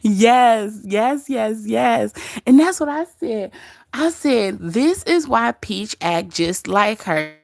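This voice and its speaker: Animated woman chatting to her live chat. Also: on the high side, slow pace, vocal fry, dry recording, clean studio sound. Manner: animated, laughing often, quoting others. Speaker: livestream host. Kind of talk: casual commentary to live chat. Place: bedroom.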